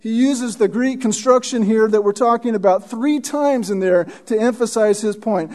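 A man's voice: high-pitched, normal speed, few pauses, a little mellow, soft background music. A man preaching an expository sermon, emphatic, often asking "Right?" of his listeners and sometimes stumbling over words.

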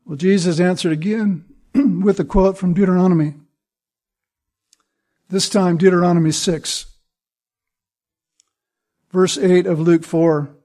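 A man's voice: high-pitched, fairly even intonation, slow pace, pauses often, warm tone. A man preaching a sermon, earnest and emphatic, building points through repetition. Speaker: pastor.

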